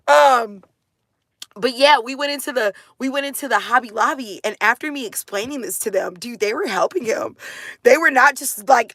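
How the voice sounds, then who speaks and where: A woman talking casually with viewers, chatty and animated, laughing often and saying "like" and "dude" a lot. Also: a little high, a little fast, dry recording, clean studio sound. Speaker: mother sharing her family life.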